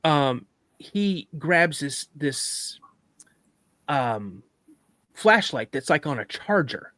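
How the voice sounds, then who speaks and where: A man telling a personal story on a live podcast, animated, acting out sounds and voices as he goes. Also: on the high side, extremely slow, no room sound.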